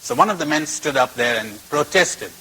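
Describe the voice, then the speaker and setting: A man's voice: a little high, animated, normal speed, gravelly, pushed and bright, a little hiss or hum, poor audio. Man giving a spiritual talk on old tape. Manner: storytelling with varied emphasis and repetition. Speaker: spiritual teacher. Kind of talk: recorded talk to a retreat audience.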